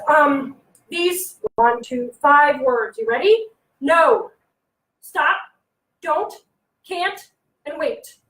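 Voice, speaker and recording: A high-voiced woman leads a parenting workshop, talking to the crowd and jumping into playful voices for kids and grown-ups. Her voice sounds a bit far from the mic and bounces around a roomy space. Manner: animated, acts out kids and adults in quick voices. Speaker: early childhood educator giving a workshop. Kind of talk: parenting workshop talk to a live audience. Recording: echoey room, voice from a distance.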